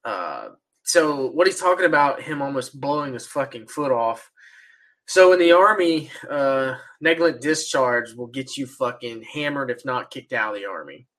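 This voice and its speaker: A man's voice: medium pitch, lively intonation, moderate pace, a bit bright, poor audio. Podcast co-host, man, mid-range voice, laid-back and profane. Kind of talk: casual chat.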